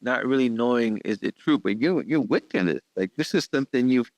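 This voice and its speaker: A man's voice: mid-range voice, lively intonation, brisk, a little mellow, no echo, rough recording. A man hosting a podcast interview, rambling and heavy on fillers, repeating his words. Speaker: podcast host. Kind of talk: conversational interview. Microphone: podcast studio mic.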